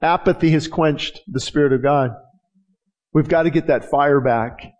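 Brief: middle-aged male pastor, fervent sermon delivery, slightly high voice. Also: a little slow, a little mellow. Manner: passionate, with dramatic quoted prayers and frequent restarts.

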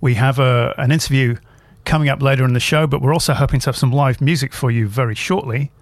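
A man's voice: mid-range voice, fast talker, no echo. A man hosting a radio show, chatting casually and telling long, rambling anecdotes in a studio.

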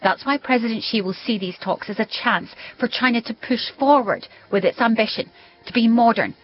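A woman correspondent delivering a scripted news report in a measured, formal way. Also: fairly high pitch, dull audio, slight background noise. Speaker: foreign correspondent.

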